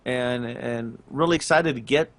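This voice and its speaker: A man co-hosting a casual online chat show, rambling with lots of fillers and getting animated when he tells stories. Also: medium pitch, measured pace. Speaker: podcast co-host. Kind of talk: casual group chat, storytelling.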